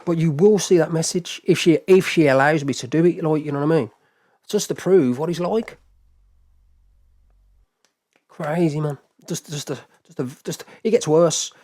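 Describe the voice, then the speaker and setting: A man's voice: on the high side, normal speed, darkish tone. Heated man ranting to his chat. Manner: heated, swearing, repetitive, talks straight to chat. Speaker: live stream host. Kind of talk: casual live-stream rant.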